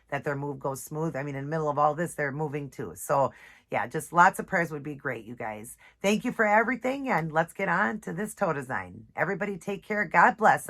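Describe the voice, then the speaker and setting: A woman's voice: deep voice, a bit bright. Chatty woman hosting a nail art vlog. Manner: chatty, rambling, repeats herself. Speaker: nail art channel host. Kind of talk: casual tutorial chat.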